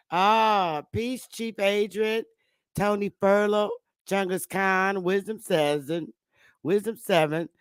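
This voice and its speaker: A woman's voice: fairly low pitch, no echo. Blunt, profane woman ranting on a livestream. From United States. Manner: greets viewers by name. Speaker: YouTube livestream host. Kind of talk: heated livestream rant.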